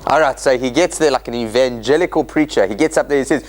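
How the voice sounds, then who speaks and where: A man's voice: mid-range voice, fast talker, hardly any pauses. A man teaching a Torah study class in an informal lecture, acting out quotes and restarting often. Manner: animated, acts out quotes in dramatic voices, many restarts. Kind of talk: informal Bible study lecture with questions to the audience. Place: meeting room of a church centre.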